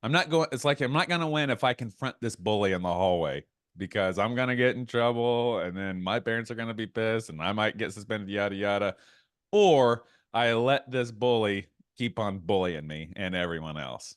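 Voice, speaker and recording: A man's voice: on the low side, moderate pace, clean tone, dry recording, studio quality. A man co-hosting a casual podcast, talking animatedly and getting worked up, with asides and quoted bits. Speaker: podcast co-host. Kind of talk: casual chat.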